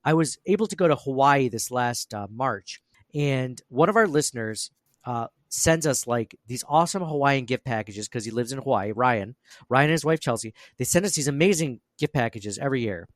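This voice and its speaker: A man's voice: mid-range voice, lively intonation, normal speed, no room sound, studio quality. A man co-hosting a podcast, rambling and self-deprecating in casual chat, laughing often. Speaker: podcast co-host.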